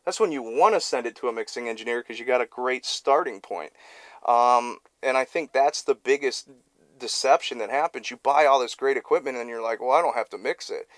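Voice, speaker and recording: A man talks casually to the camera about mixing, loose and conversational, often restarting his words. His voice sits at a mid pitch for a man. It is picked up on a close studio microphone with almost no room sound. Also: fairly quick, no echo. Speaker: mixing engineer. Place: recording studio. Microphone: close studio vocal mic.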